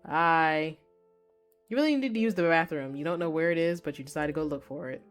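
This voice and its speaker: A woman streamer reading a visual novel aloud live, excitable and quick to shriek with delight. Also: deep voice, soft background music.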